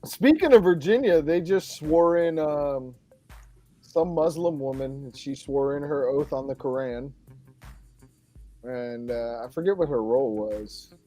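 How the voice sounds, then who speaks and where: A man's voice: mid-range voice, unhurried, dark tone, soft background music. A man hosting a casual podcast, rambling and often laughing as he talks. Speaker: podcast host. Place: home studio, Florida.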